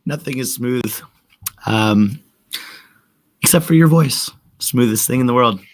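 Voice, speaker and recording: A man's voice: medium pitch, measured pace. A sick man with a cough, co-hosting a casual stream chat as a rapper, joking and mocking himself. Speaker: co-host and rapper.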